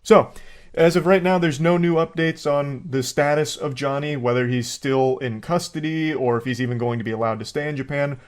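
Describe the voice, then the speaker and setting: A man's voice: fairly high pitch, fairly even intonation, moderate pace. A man narrating a commentary video in a scripted, sardonic and mocking way. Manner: sardonic, mocking, wordy insults.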